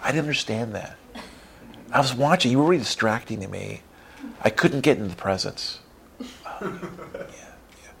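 A man preaching a lively sermon, acting out churchgoers in quick character voices and tagging lines with "right?". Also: mid-range voice, gravelly, slight background noise. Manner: acts out church members in character voices, says "right?" often. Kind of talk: animated sermon.

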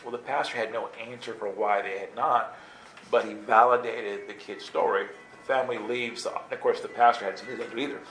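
A man telling a funny personal story in an animated way, jumping into high squeaky voices to act out his younger self. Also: fairly quick, faint music behind. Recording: roomy echo, faint ambience.

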